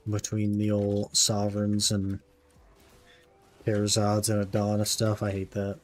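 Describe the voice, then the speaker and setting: Brief: young male streamer, slightly low voice, relaxed chatty banter while grinding a game. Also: measured pace, faint music behind. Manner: laid-back, says "man" often, answers chat. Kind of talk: casual live-stream chat while gaming.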